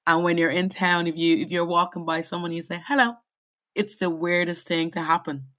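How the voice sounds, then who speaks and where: A woman's voice: on the low side, monotone, a little fast, a bit bright. A young woman, raised in the Caribbean, speaking candidly and reflectively as an interview guest. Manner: candid and reflective, many restarts. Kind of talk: conversational interview.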